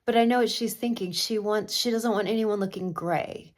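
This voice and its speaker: A woman's voice: mid-range voice, normal speed. A middle-aged woman chatting through a makeup tutorial as a makeup artist, opinionated and talking while she works.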